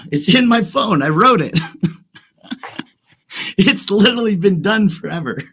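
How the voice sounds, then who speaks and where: A man's voice: high voice, animated, measured pace, pushed and bright, slightly rough. A sick man with a cough, co-hosting a casual stream chat as a rapper, joking and mocking himself. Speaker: co-host and rapper.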